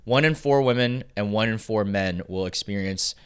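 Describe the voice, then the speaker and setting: A young man hosting a casual reaction video, chatty and excitable, laughing often between lines. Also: lowish voice, normal speed, clean tone. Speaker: YouTube host.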